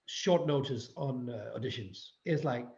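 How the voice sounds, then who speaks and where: A man's voice: mid-range voice, unhurried, creaky, a little mellow. A Danish man speaking English with a Danish accent, a guest actor chatting casually and restarting his sentences as he searches for words. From Denmark. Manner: stop-start, repeating words while searching for them. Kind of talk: casual interview chat. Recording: roomy, slightly dull audio.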